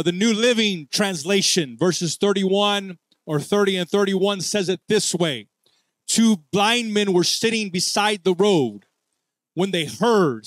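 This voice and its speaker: A man preaching a church sermon, calling for responses from the congregation and leading prayer in drawn-out phrases. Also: high voice, a bit bright, no room sound. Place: church sanctuary.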